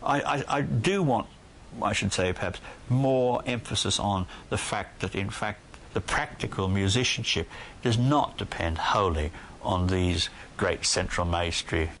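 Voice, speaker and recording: A man's voice: lowish voice, a little slow, fairly bright tone, a little hiss or hum. An older man from Australia, a poet guest in an interview, talking in a hesitant way with many restarts. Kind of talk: interview conversation.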